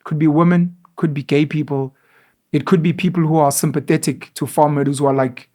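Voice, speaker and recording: A man hosts a casual studio conversation, his voice sitting a little higher than most men's. He asks probing questions and now and then reads search results aloud. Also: fairly even intonation, fairly quick, darkish tone. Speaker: podcast host.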